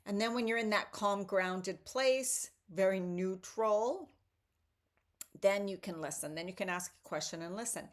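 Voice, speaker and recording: A woman talking casually in a daily morning video, giving a tarot reading and guiding a calm breathing exercise. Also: mid-range voice. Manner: warm, chatty, slows into soothing guided breathing. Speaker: spiritual vlogger doing tarot readings. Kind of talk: casual morning talk and guided meditation.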